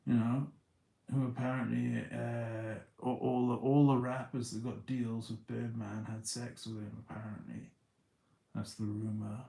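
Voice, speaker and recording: A man's voice: mid-range voice, level tone, a little slow, vocal fry, mellow. Rambling man in an echoey room. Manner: rambling, stumbling restarts and repeated words. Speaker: livestreamer. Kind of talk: casual livestream storytelling.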